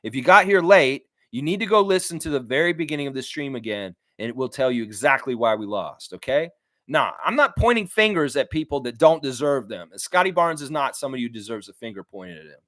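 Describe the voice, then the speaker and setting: A man's voice: medium pitch, brisk, no echo, clean studio sound. A man hosting a live fan reaction stream, reading chat and answering in a blunt, repetitive way with casual swearing. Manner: blunt, animated, swears freely, repeats himself for emphasis. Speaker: sports stream host.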